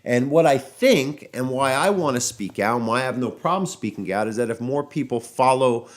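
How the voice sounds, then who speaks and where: An American man hosts an audio-only podcast as a dog trainer, delivering a casual solo monologue at normal speed. His medium-pitched voice has lively intonation, and he grows exasperated as he talks, full of fillers and restarts.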